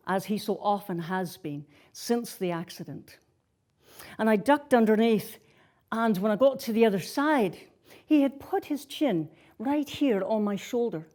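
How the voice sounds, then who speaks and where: A middle-aged woman with a Scottish accent, a worship minister telling a story in a gentle sermon and dropping softly on key words. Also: mid-range voice.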